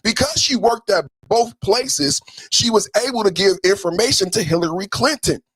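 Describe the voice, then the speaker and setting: A man hosting a podcast, giving a fiery, profane political commentary rant with mocking jabs and bursts of shouting. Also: high-pitched, lively intonation, normal speed, breathy edge, no echo, rough recording. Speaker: podcast host.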